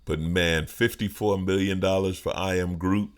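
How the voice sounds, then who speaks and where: Man, smooth very deep voice, middle-aged, comedian host, casual joking monologue. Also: fairly even intonation, normal speed. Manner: joking, conversational, playful asides.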